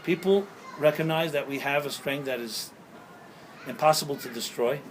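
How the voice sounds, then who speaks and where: This man's voice sits on the high side and moves at normal speed as he plays a rabbi preaching outdoors at sunset. He tells stories, cracks jokes and puts questions to the crowd, all on poor audio with slight background noise.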